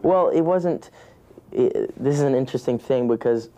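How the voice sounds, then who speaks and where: A man's voice: mid-range voice, normal speed, dark tone. A young American man, an actor, talking through an interview with many restarts and "you know" fillers. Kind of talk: press junket interview.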